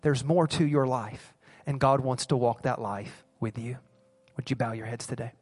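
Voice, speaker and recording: A man's voice: mid-range voice, fairly even intonation, moderate pace, darkish tone, in a large hall. A man preaching a sermon as pastor, earnest and pleading, repeating phrases for emphasis. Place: church service.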